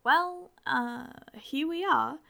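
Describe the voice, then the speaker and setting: Awkward teen boy, stammers a lot, gravelly edge, woman doing him. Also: high-pitched, slow pace, bright, forceful tone, voice pushed up, exaggerated voice. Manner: stammering, nervous. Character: nervous, awkward teenage boy.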